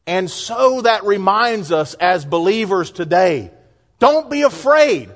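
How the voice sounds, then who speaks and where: A middle-aged man with a Southern US accent, a pastor preaching a sermon in a folksy, lively way with asides and jokes. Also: sits high, moderate pace, gravelly.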